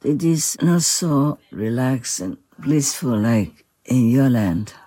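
This soft-spoken spiritual teacher, humble and reverent, takes part in a devotional dialogue at a medium pitch. Gentle laughter comes through, along with a slight strain in the voice, on a poorly recorded track.

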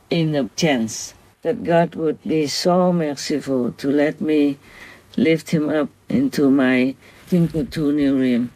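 Man, spiritual teacher, unhurried and tender delivery. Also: mid-range voice, darkish tone, low-quality recording. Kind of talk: spiritual talk to followers.

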